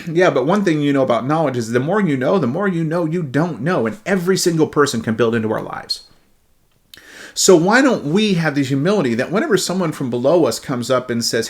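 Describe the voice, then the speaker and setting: A man giving a devotional Bible talk in an animated way, often repeating words as he starts a thought. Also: fairly high pitch, brisk. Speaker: Bible teacher.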